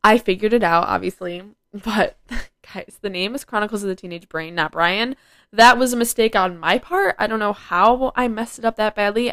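A woman's voice: mid-range voice, a bit bright, no echo, studio quality. A teenage girl hosting her own podcast, chatting casually and rambling with lots of "like". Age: teens. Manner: chatty and rambling, with many likes. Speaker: podcast host. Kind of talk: casual solo podcast chat.

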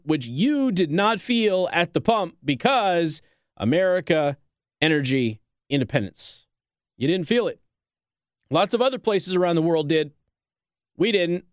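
A man's voice: high-pitched, no echo, clean studio sound. A man hosting a political talk show, delivering opinionated commentary and mocking others in quoted voices.

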